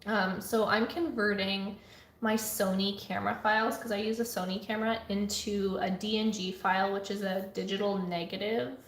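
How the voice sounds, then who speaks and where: A woman artist talking casually and chattily through her computer work, at times dropping to a soft murmur. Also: medium pitch, little pitch movement, normal speed, roomy sound, a little hiss or hum. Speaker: artist vlogger. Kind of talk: casual vlog talk. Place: home art studio.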